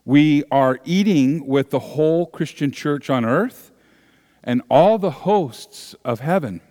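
A man preaching a sermon at a slow, deliberate pace. His voice rings out with a long church reverb around it. He speaks earnestly and lifts into animated emphasis. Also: medium pitch. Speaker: pastor. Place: large church sanctuary.

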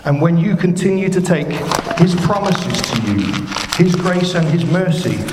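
A man preaching in a church hall, his voice sitting a little high and ringing out with a long, roomy reverb. He talks earnestly and emphatically, stacking rhetorical questions to drive each point home, with a faint ambient hum behind him. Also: big pitch swings, a little slow. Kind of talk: sermon.

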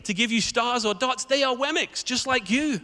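A fatherly wood carver, gentle and reassuring, with a soft but booming delivery, as a man acts him out in a sermon. His bright voice rings through the long reverb of a large hall. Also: moderate pace.

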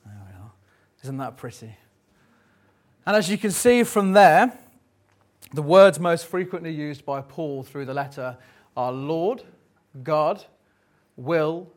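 30s guy preaching at church, kinda high voice, chatty and jokey, lots of ums. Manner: conversational and jokey, with frequent ums. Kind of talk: sermon. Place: church service.

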